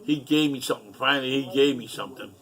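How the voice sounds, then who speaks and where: A man's voice: mid-range voice, fast talker, a bit bright. A middle-aged man telling a rambling personal story in a casual, profane, aggrieved way.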